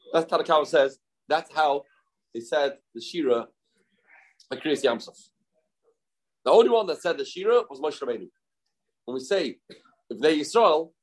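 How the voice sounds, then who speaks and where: Lively man teaching Talmud. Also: a little high. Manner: lively, chants quoted verses in sing-song; asks and answers his own questions. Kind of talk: Talmud lecture.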